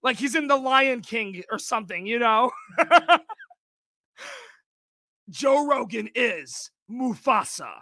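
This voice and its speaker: High, bright-voiced male reaction commentator. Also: slow pace, long pauses. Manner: animated, laughing, mocking impressions. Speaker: commentary channel host. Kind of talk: reaction commentary on video clips.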